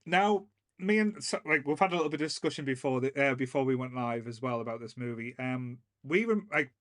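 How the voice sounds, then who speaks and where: A man's voice: mid-range voice, animated, fairly quick, a bit bright. A man with a Northern English accent co-hosting a casual live-stream chat, rambling and laughing often. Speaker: podcast co-host.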